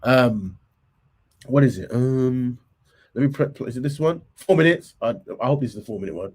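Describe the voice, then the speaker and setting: A man with a cold and a hoarse voice, hosting a live stream in casual chat, reading out points and muttering asides that trail off. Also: medium pitch, normal speed, a little mellow. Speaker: livestream host.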